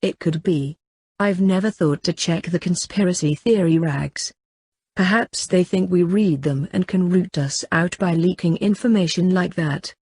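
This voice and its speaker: Here is a guarded, secretive grown man from an audiobook, read by a woman. He talks in a measured, terse way, in a low voice with a husky edge. It sounds close and dry. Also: darkish tone, no room sound.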